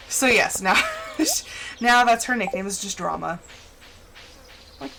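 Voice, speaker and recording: A young adult woman hosts a live stream, chatting casually and playfully while she plays a game and slipping in animated storytelling asides. Her voice sits high, she speaks at a normal speed with frequent pauses, and there's background noise.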